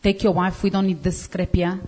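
A woman telling her own story in plain, halting words, as a guest giving testimony. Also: fairly low pitch, little pitch movement, darkish tone. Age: adult.

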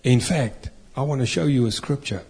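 A man's voice: medium pitch, normal speed, a little mellow, husky. A man preaching a sermon, reading scripture and asking earnest rhetorical questions.

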